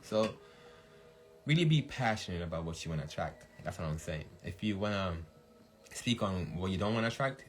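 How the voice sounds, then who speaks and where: A man hosting a casual livestream talk, animated, laughing often and shouting when he acts out hype, with faint music behind. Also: low voice, fairly quick. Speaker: podcast host.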